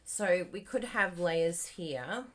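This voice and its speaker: A woman with a lowish, fairly bright voice and lively intonation speaks slowly while demonstrating card-making live. She chats and thinks aloud as she works, addressing her viewers directly.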